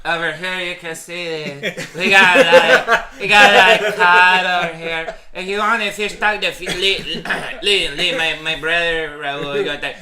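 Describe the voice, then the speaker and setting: Man doing a Mexican-accented fish taco vendor, high voice, rambling, loud chatter behind. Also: steady tone, measured pace, few pauses. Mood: joking. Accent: put-on Mexican. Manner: rambling, stumbling, full of "like". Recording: others' chatter and laughter behind.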